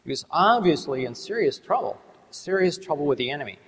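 Man, middle-aged, preacher, earnest, measured, slows on key words, fairly high voice, long hall echo. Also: big pitch swings, a bit bright. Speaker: Christian ministry speaker. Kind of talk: sermon with a storytelling testimony.

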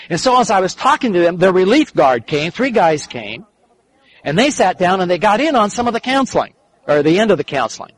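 Earnest older preacher. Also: male voice, high voice, sing-song, fairly quick, rough recording. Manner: earnest, repeats and restarts phrases, drops soft and quiet in the tender parts. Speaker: preacher and counselor. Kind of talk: sermon storytelling.

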